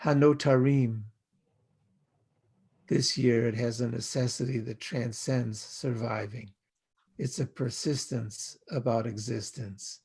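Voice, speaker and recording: Older American man, rabbi, slow meditative sermon, gravelly low-energy delivery. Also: fairly even intonation, darkish tone. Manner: slow, measured, poetic phrasing. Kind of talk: reflective spoken sermon.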